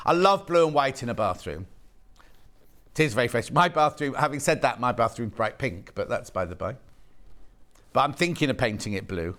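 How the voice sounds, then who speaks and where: A man's voice: medium pitch, a bit bright. A man presenting on a live shopping channel, chatting, gushing over fabrics and joking with the crew behind the camera. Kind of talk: live TV sales chat. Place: TV studio.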